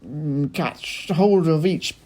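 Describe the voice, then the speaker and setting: A man voicing a gleeful, smug middle-aged husband who sounds pleased with himself, his voice pitched a little above his own. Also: slow, darkish tone. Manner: smug, pleased, slightly raised voice.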